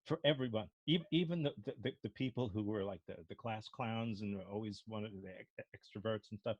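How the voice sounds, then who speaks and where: Low-voiced older man with a faint Brooklyn accent. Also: brisk, no echo, highs cut off. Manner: rambling storyteller with restarts. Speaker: improv instructor. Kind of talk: casual discussion.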